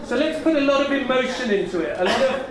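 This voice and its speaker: A man leading a conference audience through an energetic voice warm-up, coaxing and theatrical, laughing often. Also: very high-pitched, quick pace, a crowd in the background, background noise. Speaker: plenary speaker leading a voice warm-up. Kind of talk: leading a group vocal exercise at a conference. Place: large conference hall. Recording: very echoey hall, mic far off.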